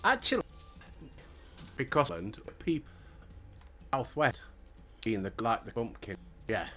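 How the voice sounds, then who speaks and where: A man's voice: medium pitch, sing-song, unhurried, pushed and bright, soft background music. An older man with a Yorkshire accent chatting casually and bluntly while hosting a gaming stream. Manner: blunt, joking, colloquial. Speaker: streamer host.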